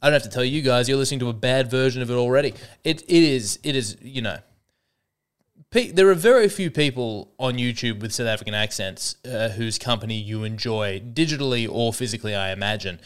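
A man's voice: medium pitch, brisk, smooth. A young man hosting a comedy podcast alone, talking in a rambling, wry and self-mocking way. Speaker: podcast host. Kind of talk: comedic solo podcast monologue.

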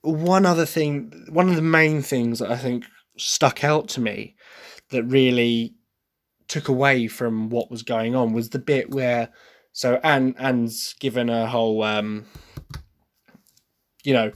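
A man's voice: medium pitch, steady tone, slow pace. An English man hosting a podcast, talking through his opinions in a casual, hesitant way with many restarts. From England. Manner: chatty, hesitant, breaks into sung impressions. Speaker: podcast host reviewing a musical. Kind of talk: casual solo commentary.

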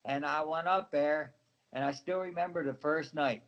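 A middle-aged man tells stories in a relaxed interview, with a voice pitched a little high. He is animated and slips into other people's voices as he goes. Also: moderate pace, dull audio. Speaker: guest, former wrestler. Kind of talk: casual storytelling interview.

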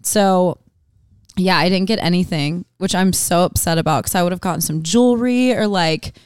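A woman's voice: lowish voice, moderate pace, smooth, no room sound. A woman in casual podcast chat, telling a story with many "like"s, on a close mic.

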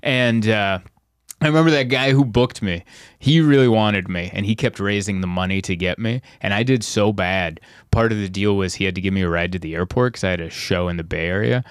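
A comedian telling stories in a casual podcast chat, animated and often laughing as he mimics people. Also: fairly low pitch, brisk, smooth, dry recording, studio quality.

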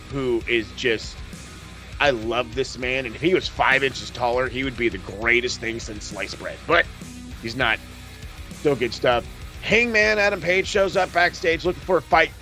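A man's voice: mid-range voice, bright, forceful tone. A man hosting a podcast, recapping wrestling in casual, profane, rambling chat. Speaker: podcast host.

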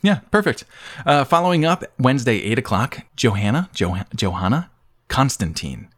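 Male podcast host, mid-pitched, animated delivery, jokey and easygoing. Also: normal speed. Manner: playful, laughs often, reads through a list. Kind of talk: casual chat.

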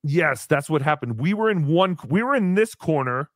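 A man with a high voice that swings up and down a lot, telling a story in an animated, exasperated way with plenty of swearing. He is hosting a live show, recorded dry and close. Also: moderate pace, dry recording. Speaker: podcast host. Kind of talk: casual storytelling on a live stream.

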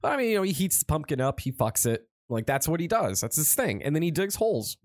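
Brief: male podcast co-host, swears and rambles, lively ups and downs in pitch, dry close sound. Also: fast talker, dry recording. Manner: profane, joking, rambling. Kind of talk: casual movie recap chat.

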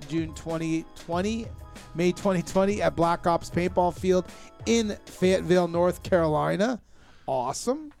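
A man's voice: high voice, a little mellow. A man co-hosting a casual podcast, reading out event listings and stumbling over names and dates. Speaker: podcast co-host.

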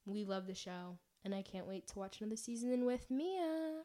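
A woman's voice: mid-range voice, animated, moderate pace, mellow. A young woman co-hosting a podcast, chatting casually and bubbly, with lots of fillers and laughs. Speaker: podcast co-host. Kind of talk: casual chat.

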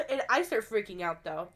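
Her voice is medium-pitched and a bit bright. Co-hosting a laid-back podcast while sick and short of breath, she laughs and curses her way through her stories.

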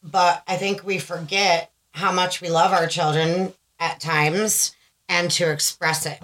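A bright-voiced woman from the US South co-hosting a chatty mom podcast. She tells stories with animated energy, acting out her own quotes and dropping swear words freely. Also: fairly low pitch, measured pace, low-quality recording. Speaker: podcast co-host. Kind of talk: casual chat.

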